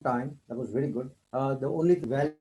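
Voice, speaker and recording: A man gives the general evaluation at a club meeting, measured and with some fillers. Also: mid-range voice, dark tone, rough recording.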